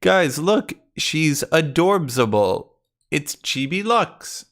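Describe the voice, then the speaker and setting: A man's voice: a little high, big pitch swings, slow, fairly bright tone. A man streaming a game, chatting playfully and teasing his cat in baby talk. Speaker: gaming streamer. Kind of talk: casual chat to his cat while streaming.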